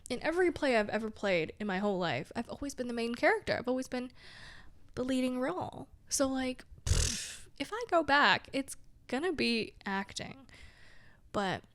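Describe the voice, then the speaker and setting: This young woman has a high-pitched, lively voice with a slightly bright tone and a moderate pace, recorded without echo. Her casual confessional vlog chat rambles, is full of fillers, especially "like," trails off and includes wry self-mocking asides.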